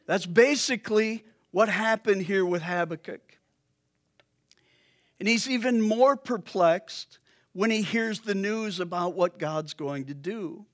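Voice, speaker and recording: Male pastor preaching; talks to the congregation conversationally, unhurried and light. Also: high-pitched. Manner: conversational, joking asides to the congregation. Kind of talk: sermon.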